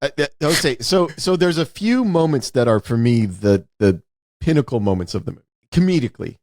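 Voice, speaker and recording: A man's voice: medium pitch, big pitch swings, brisk, darkish tone, no room sound, studio quality. A man co-hosting a podcast, talking casually about a film, often restarting sentences and acting out quoted lines. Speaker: podcast co-host. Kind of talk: casual movie discussion.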